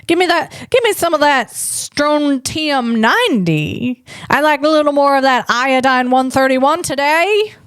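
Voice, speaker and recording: A woman's voice: high-pitched, expressive, a little slow, fairly bright tone, dry recording. A woman voicing a greedy, radiation-hungry fungus that eagerly orders radiation like drinks. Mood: greedy, gleeful.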